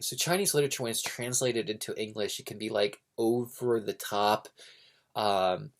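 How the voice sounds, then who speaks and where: A man's voice: lowish voice, moderate pace. A man talking casually and unscripted about a novel, rambling with many fillers and restarts. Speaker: book reviewer. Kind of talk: casual unscripted book review.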